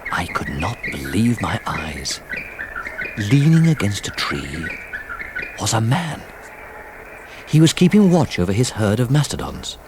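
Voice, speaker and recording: Expressive male storybook narrator. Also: fairly low pitch, measured pace, pauses often, noisy background. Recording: old storybook record with music.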